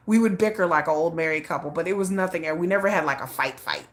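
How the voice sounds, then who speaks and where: A woman host telling a candid personal story on a livestream in a blunt, animated way, laughing often and cursing. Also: fairly low pitch, fast talker, hardly any pauses.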